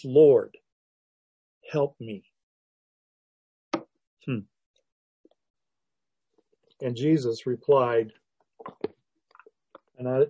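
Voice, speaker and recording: A man preaching a sermon as a pastor, teaching verse by verse in an unhurried, reflective way with restarts and soft laughs. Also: mid-range voice, husky, no room sound, dull audio.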